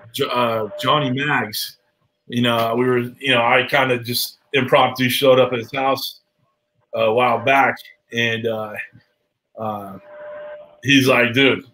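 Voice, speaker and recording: A man's voice: mid-range voice, little pitch movement, unhurried, sharp tone, poor audio. Brief: male livestream host, loose banter, curses freely, slight hiss behind. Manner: loose, swearing, laughing banter. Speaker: live show host. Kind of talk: casual live-stream chat.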